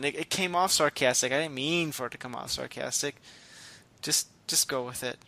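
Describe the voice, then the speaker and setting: A man co-hosting a podcast in casual chat, low-key and exhausted, rambling and restarting his sentences. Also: moderate pace, gravelly, sharp tone. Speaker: podcast co-host.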